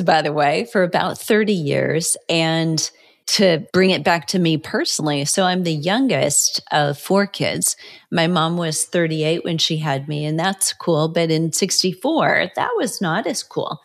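Low-voiced woman in her fifties. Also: a little slow, gravelly. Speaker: fitness educator guest. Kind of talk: interview conversation.

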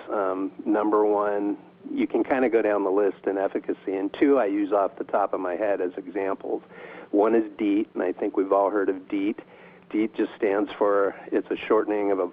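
A man with a low, monotone voice explains things as a doctor guest in an interview. He pauses often, filling the gaps with ums and restarting his sentences. The sound comes through a thin, tinny phone line. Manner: hesitant, many ums and restarts.

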